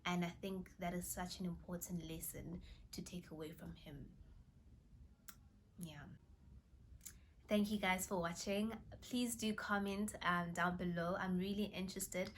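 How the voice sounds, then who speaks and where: A young woman vlogging from her bedroom, telling a faith story in a casual, animated way and reading scripture aloud. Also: fairly low pitch, a little slow, a little hiss or hum. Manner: animated, exclaiming, reads scripture aloud, drops to a whisper in awe.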